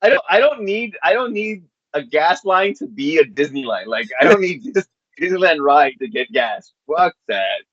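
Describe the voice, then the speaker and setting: A man co-hosting a podcast in casual chat, swearing freely and making blunt, deadpan asides. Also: fairly high pitch, normal speed, husky, dry recording. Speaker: podcast co-host. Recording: slightly dull lo-fi mic.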